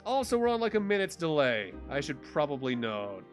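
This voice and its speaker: A man's voice: fairly high pitch, sing-song, brisk. A man streaming a game, chatting casually to a viewer, with game music playing behind. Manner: chatty, talks to chat. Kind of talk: casual gameplay commentary.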